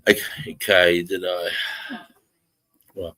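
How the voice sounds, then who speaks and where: A very deep-voiced Australian man in his forties talks casually on a livestream, swearing freely. He reads out the chat and greets viewers as brother in a blunt, friendly way. The sound is close and dry, with no room around it. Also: fairly even intonation, normal speed, long pauses, a bit bright, no room sound, rough recording. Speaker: livestream host reading chat.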